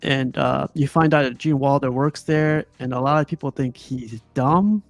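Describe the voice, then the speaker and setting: A man's voice: medium pitch, moderate pace, no room sound. A man hosting a casual film review, talking loosely and laughing often. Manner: laughs often, rambling with fillers. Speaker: podcast host. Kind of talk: casual movie review chat.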